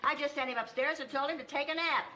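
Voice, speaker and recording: A fretful, skeptical friend. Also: female voice, sits high, quick pace, pushed and bright. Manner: worried, skeptical. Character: cautious, fretful woman friend. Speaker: sitcom character. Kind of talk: sitcom acting. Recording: muffled TV audio with laugh track and hiss.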